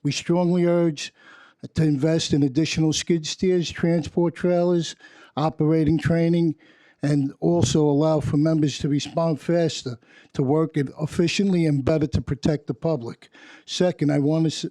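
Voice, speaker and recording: A man's voice: fairly high pitch, warm tone, no room sound. A man representing a sanitation workers' union, reading testimony to a council hearing, stumbling and restarting phrases.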